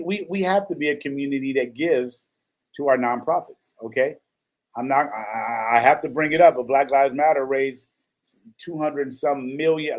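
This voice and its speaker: Chatty middle-aged radio host, jokey. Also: male voice, mid-range voice. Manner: chatty, jokey, rambling with restarts. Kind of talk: casual radio talk.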